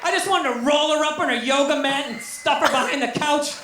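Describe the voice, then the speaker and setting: A man's voice: extremely high pitch, fairly quick, a loud crowd. A male stand-up comedian performing a routine, telling exasperated, profane stories and acting out the people in them. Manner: profane, exasperated storytelling with mock-quoted voices. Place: stand-up special played back in a room. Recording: roomy, distant, noisy playback.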